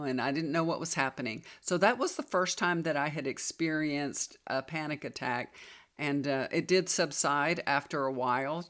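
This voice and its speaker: A woman's voice: low-pitched, a bit bright. A woman, likely in her fifties, telling a personal story to viewers in a chatty, confiding way. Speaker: tarot reader and healer.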